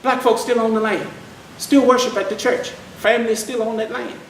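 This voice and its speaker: High-voiced folksy male storyteller, far off. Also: flat delivery, moderate pace, a little hiss or hum. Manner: folksy, addresses crowd as y'all. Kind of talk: live storytelling to an audience. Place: historic site event. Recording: echoey room from far off.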